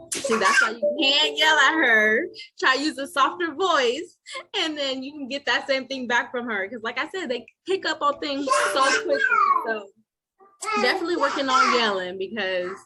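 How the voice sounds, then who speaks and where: A woman's voice: sits high, moderate pace, background noise. A woman, a mother, chatting casually about parenting and her kids, laughing often and telling stories with lots of life. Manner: laughs often, animated storytelling. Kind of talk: casual chat.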